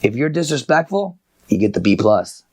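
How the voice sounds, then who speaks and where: A middle-aged man, a youth wrestling coach, telling camp stories in an animated podcast interview and acting out his own yelling. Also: normal speed, breathy edge. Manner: high-energy, acts out his own yelling at camps.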